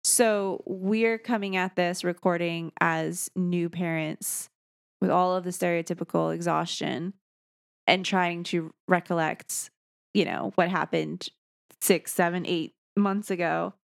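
Young female co-host, creaky tone, dry close sound, chatty and self-mocking. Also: on the low side, steady tone, a little slow, no room sound. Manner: chatty storyteller, self-deprecating. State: sleep-deprived. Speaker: podcast co-host. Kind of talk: casual chat.

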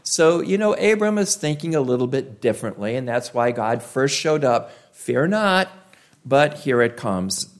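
A man preaching a sermon, emphatic, repeating key phrases with drawn-out pauses. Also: mid-range voice, lively intonation.

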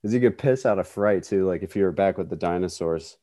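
A man's voice: deep voice, brisk, mellow. A man chatting casually on a podcast, laughing a lot and rambling with fillers. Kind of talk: casual comedic chat.

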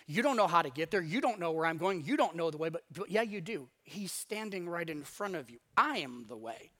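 A calm teacher speaks steadily to his anxious friends, soothing and sure of himself, as a male preacher puts him on in a sermon. The tone is gentle but clear, in a fairly high male voice. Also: brisk. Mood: reassuring.

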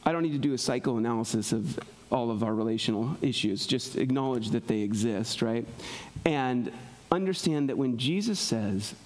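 A man preaching a sermon in a conversational way, often checking in with "right?", moving between soft low asides and raised, emphatic passages. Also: lively intonation, moderate pace. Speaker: pastor.

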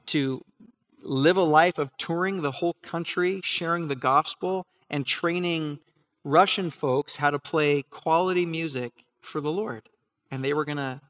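A man telling a personal story in a sermon, earnest and halting, with many restarts, and dropping to a soft voice when he quotes others. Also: a little high. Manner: earnest, halting with restarts and fillers, laughs at himself; acts out remembered voices softly.

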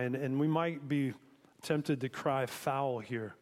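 Man, pastor, sermon, conversational, reflective questions to listeners, mid pitch, long hall reverb. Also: normal speed.

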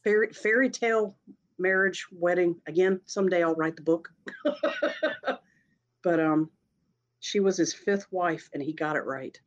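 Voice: mid-range voice, a little slow, long pauses, lo-fi sound. A speaker telling a personal story in a casual, rambling way, often breaking into laughter. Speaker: storyteller sharing a personal experience.

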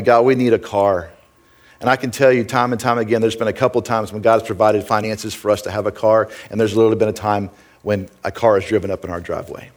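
A middle-aged man preaching a sermon as pastor, earnest and conversational, often checking in with "right?". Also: fairly low pitch.

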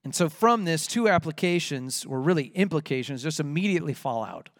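A man's voice: fairly high pitch, animated, a little fast, dry recording, studio quality. A man preaching a sermon, emphatic and rising when he reads out scripture. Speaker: pastor.

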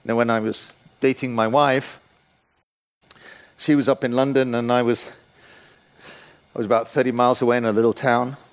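A man in his sixties preaching a sermon in a church, playful and animated, acting out the voices he quotes. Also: mid-range voice, normal speed, pauses often, smooth. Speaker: guest preacher.

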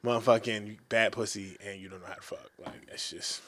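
A young man co-hosting a podcast, telling crude stories in a profane, animated way with sudden jumps in his voice. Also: fairly low pitch, fairly quick, slight background noise. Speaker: podcast co-host. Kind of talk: crude comedic podcast banter.

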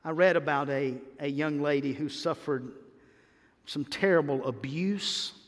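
A pastor with a high voice delivers an unhurried sermon, moving between hushed reflection and emphatic peaks. A long hall reverb rings out behind his words.

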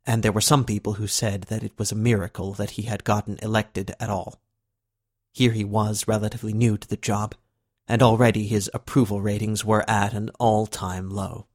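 A man reading a novel aloud with steady, even narration. His voice sits on the lower side. The delivery stays scripted and controlled. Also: vocal fry, no room sound, clean studio sound. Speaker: audiobook narrator.

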